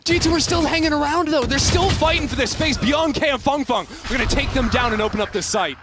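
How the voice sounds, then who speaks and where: A man giving color commentary on a tournament match, lively with quips and vivid praise. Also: extremely high pitch, fairly quick, noisy background. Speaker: esports caster.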